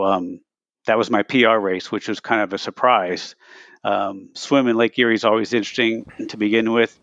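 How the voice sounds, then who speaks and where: A man in his sixties, a podcast guest, telling his race stories in a casual, animated way and often acting out what he said to himself. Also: on the low side, no room sound, highs cut off. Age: 60s. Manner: animated, retells races with quoted self-talk. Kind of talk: casual storytelling.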